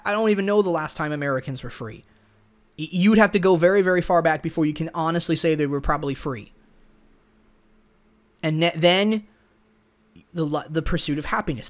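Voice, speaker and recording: A man hosting a podcast, talking alone in a blunt, lecturing, combative way. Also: a little high. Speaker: podcast host. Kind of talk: solo opinion monologue.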